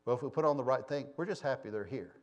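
A man's voice: medium pitch, rapid-fire, lo-fi sound. A man preaching a sermon in a church, folksy and conversational, teasing members of his congregation. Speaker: pastor. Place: church sanctuary.

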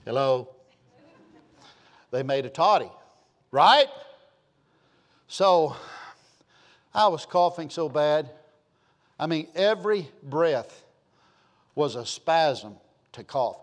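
Middle-aged male pastor, folksy and emphatic, a touch high-pitched. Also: lively intonation, takes it slowly, pauses often. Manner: folksy storytelling, rising to emphatic preaching. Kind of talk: sermon.

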